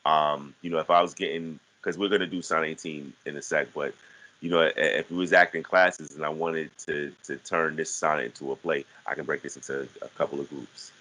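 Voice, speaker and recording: Man, very deep voice, bright forceful tone, casual teaching talk, halting, repeats words. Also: fairly even intonation, rough recording. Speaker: guest teaching artist.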